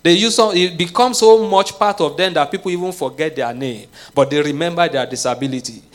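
A man's voice: a little high, fairly quick. A man preaching a sermon, leading the congregation in prayer and building to impassioned, repeated calls. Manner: rising to impassioned shouted prayer, repetitive cadence. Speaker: pastor.

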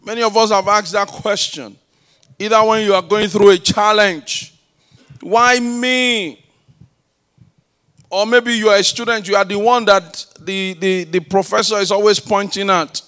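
A middle-aged male pastor preaching a sermon, praying aloud, calling for responses and telling stories with loud, emphatic swells. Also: sits high, fairly even intonation, normal speed. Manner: prays aloud and uses call-and-response with the congregation.

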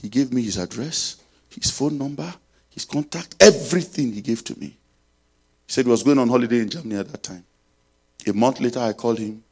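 A man preaching a sermon, telling a story and leading prayer, swinging between loud and soft. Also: mid-range voice, brisk, breathy edge.

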